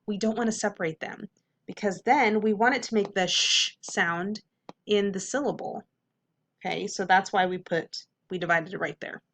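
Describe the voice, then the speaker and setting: A young adult woman teacher leads an upbeat phonics lesson, sounding out letters and syllables clearly. Her voice is medium-pitched, fairly bright, and at normal speed.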